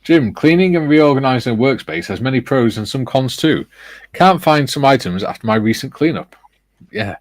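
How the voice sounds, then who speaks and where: A man hosting a relaxed hobby stream, reading out viewer comments with a lively, bouncing delivery and frequent chuckles. His voice is close and dry, with no room sound around it. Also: mid-range voice, moderate pace, dry recording. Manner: reads viewer comments aloud, chuckles often. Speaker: livestream host reading chat comments. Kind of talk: casual group chat on a modelling stream.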